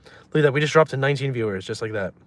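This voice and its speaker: A young man talks casually to his livestream audience from inside a car, his voice sitting at an ordinary middle pitch. He reads the chat aloud and answers it in a flat, deadpan way, trolling and teasing his viewers as he goes. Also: rapid-fire.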